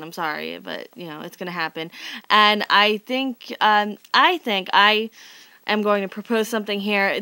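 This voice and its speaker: A woman's voice: medium pitch, pushed and bright, no echo. A young woman in her twenties recapping a soap opera to camera, sarcastic and rambling, full of "like" and fed-up asides. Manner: exasperated, sarcastic, rambling with many likes. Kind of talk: casual chat to camera.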